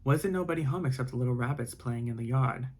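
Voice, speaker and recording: A man reading a bedtime story aloud in ASMR style, with soft, rambling asides. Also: medium pitch, fast talker, breathy edge.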